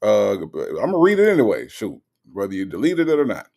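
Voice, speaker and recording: A man's voice: on the low side, big pitch swings, a little fast, gravelly, a little mellow. A man hosting a livestream in casual chat, reading out viewer comments and teasing them playfully. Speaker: livestream host.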